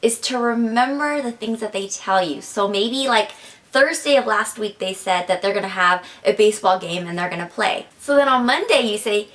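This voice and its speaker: A woman's voice: medium pitch, a little fast, a bit bright. A young woman giving chatty, casual advice in a vlog, filling her talk with "like" and "kinda". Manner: chatty, filler-heavy with frequent "like" and "kinda". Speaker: advice vlogger.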